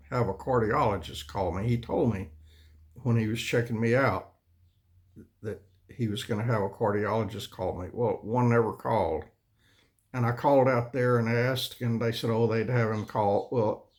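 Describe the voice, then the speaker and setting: A man, hosting his own channel in a folksy, rambling, complaining monologue, often coughing and clearing his throat. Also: medium pitch. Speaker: channel host.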